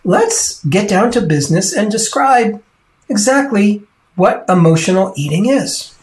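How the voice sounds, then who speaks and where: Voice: mid-range voice, lively intonation, a little slow, darkish tone. A coach giving an earnest teaching talk, stressing and repeating key points to the listener.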